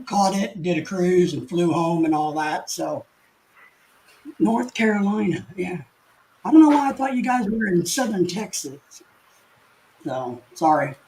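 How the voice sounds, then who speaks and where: An older man with a fairly high-pitched voice hosts a casual live stream from home. He reads out viewer comments in a folksy, rambling way, restarting his sentences and chuckling as he goes. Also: a little mellow, rough recording.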